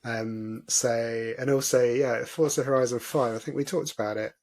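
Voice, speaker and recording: A man co-hosting a casual podcast, with a middling, ordinary pitch. He talks thoughtfully and hesitantly, with frequent ums and uhs. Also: fairly even intonation, moderate pace, a little mellow. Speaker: podcast co-host. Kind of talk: casual chat.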